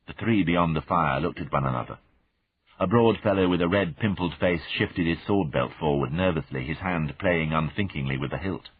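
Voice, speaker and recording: A man narrating a novel in the first person, with measured, observant storytelling. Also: deep voice, slightly rough. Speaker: audiobook narrator. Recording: phone-like narrow band.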